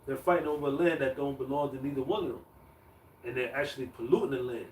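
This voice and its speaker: New dude reading verses then riffing, lots of um and you know, echoey, off mic. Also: male voice, mid-range voice, quick pace, slight background noise. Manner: loose, filler-heavy, reads verses aloud. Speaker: scripture reader. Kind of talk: casual street preaching. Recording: echoey, distant mic, faint ambience.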